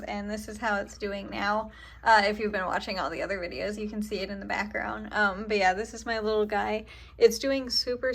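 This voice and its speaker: A young woman vlogging casually at home, chatty and rambling with lots of fillers and small laughs. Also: mid-range voice. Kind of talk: casual vlog chat. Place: home, indoors.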